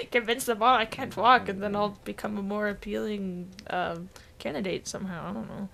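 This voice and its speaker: A woman's voice: medium pitch, steady tone, normal speed, vocal fry, a bit bright. Giggly rambling woman podcaster. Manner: rambling, giggly, lots of fillers and restarts. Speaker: podcast co-host. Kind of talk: casual podcast chat.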